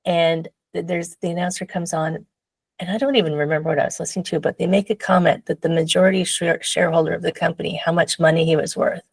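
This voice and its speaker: A woman guest telling a personal story in a casual interview, animated and laughing often, acting out her own past voice. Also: on the low side, fast, vocal fry, breathy edge, dry recording.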